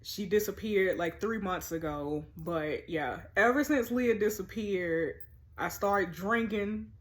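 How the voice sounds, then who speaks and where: A woman's voice: medium pitch, slow pace. Sassy woman narrating a game aloud. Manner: sassy, reads text messages aloud with asides. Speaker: gamer playing a story game. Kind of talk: casual in-character game commentary.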